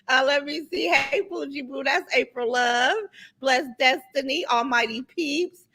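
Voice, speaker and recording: A middle-aged woman hosts a casual livestream in a high, sharp voice at a measured pace. Blunt and chatty, she reads viewer comments aloud as she goes.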